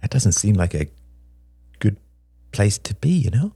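A man's voice: on the low side, sing-song, measured pace, warm tone, husky, no echo, voice pushed up, exaggerated voice. A man playing a nervous, stammering young son. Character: anxious, hesitant young adult son.

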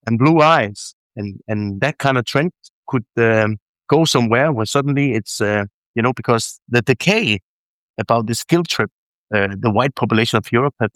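A male caller on a call-in show, asking a long, rambling question with halting pauses and many fillers. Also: mid-range voice, fairly bright tone, no room sound, poor audio.

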